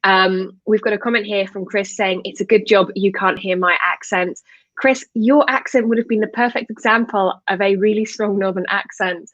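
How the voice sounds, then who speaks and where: A woman's voice: medium pitch, steady tone, moderate pace, fairly bright tone, no echo. A woman hosting a live video interview, chatting casually and affirming her guest often. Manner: chatty, affirming with frequent mm-hmms. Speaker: host. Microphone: video call. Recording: slightly muffled video call audio.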